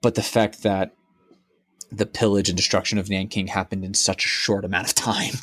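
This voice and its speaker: Young guy cohosting a podcast, kinda low voice, rambly and sweary, dry close mic. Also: moderate pace, dry recording. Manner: rambling, profane, animated storytelling. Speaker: podcast co-host. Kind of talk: casual chat.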